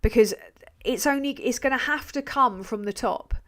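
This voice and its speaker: A woman's voice: on the high side, normal speed, fairly bright tone. A woman hosting a live stream, talking bluntly with frequent swearing, rambling between points and reading out viewer messages. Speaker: livestream host.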